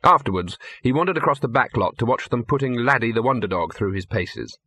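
A man's voice: medium pitch, expressive, brisk, bright, forceful tone, husky, no room sound. A man reading a comic fantasy story aloud in a dry, wry storytelling manner. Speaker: audiobook narrator. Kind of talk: scripted narration.

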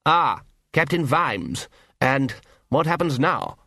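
A man voicing a cool, aloof male aristocratic ruler who speaks in a slow, languid, detached way. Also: medium pitch, very animated, pushed and bright, no room sound, studio quality, heavily acted.

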